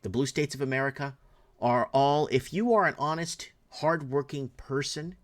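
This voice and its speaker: A man's voice: medium pitch, moderate pace. A middle-aged man, commenting in an impassioned rant, indignant and heated with frequent restarts. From Canada.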